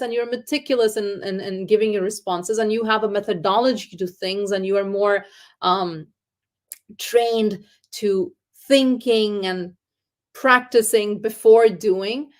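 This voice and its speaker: A woman speaking at a parenting conference in an animated, earnest teaching tone. By her own account she is loud and excitable. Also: mid-range voice. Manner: earnest, teaching tone with faith terms. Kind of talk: conference talk.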